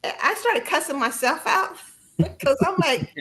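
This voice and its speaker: A woman guest on a podcast telling a personal story in an animated conversational way, laughing often and jumping high in pitch when she quotes herself. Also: unhurried.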